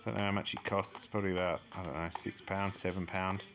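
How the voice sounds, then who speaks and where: A man's voice: sits low, level tone, fast. A man giving casual, chatty commentary as he explores a game map and exclaims at each new discovery. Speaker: gaming channel host. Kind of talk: casual let's-play commentary.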